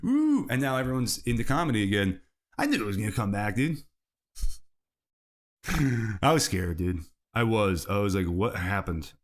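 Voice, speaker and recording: Male comedy podcast host, solo rambling monologue, animated swoops in pitch. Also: moderate pace, long pauses. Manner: rambling, swerving into bits, laughs at own jokes.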